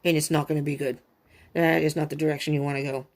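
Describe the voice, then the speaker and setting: A woman's voice: deep voice, level tone, quick pace, a little mellow. A woman reading tarot cards for her viewers in an emphatic, chatty way, repeating her warnings. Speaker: tarot reader. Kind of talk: monthly tarot card reading.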